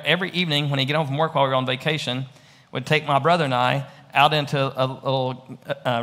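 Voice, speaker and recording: Pastor guy telling a story in his sermon, bright tone, lotta "right?", echoey church. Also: mid-range voice, creaky. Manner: conversational, rambling, checks in with "right?".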